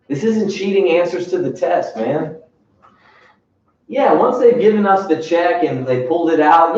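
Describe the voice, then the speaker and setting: A man's voice: fairly high pitch, expressive, measured pace, darkish tone, a little hiss or hum. A man leading a sales training session in an emphatic coaching manner, often checking in with "right?". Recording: distant, echoey room, dull sound.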